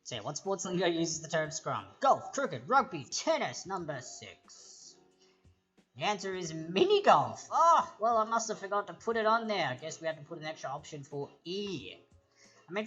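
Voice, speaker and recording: A woman's voice: fairly low pitch, very animated, a little fast, a bit bright. A woman hosting a live trivia stream, reading out multiple-choice questions twice and wandering into chatty, rambling asides. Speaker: trivia quiz host. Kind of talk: casual livestream chat reading quiz questions. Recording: lo-fi stream audio with background music.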